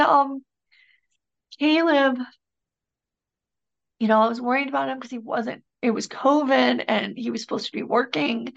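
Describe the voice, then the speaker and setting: A woman's voice: a little high, creaky, muffled recording. A middle-aged woman from Michigan, a podcast guest talking in a loose, rambling way with many fillers and restarts. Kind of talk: casual conversation.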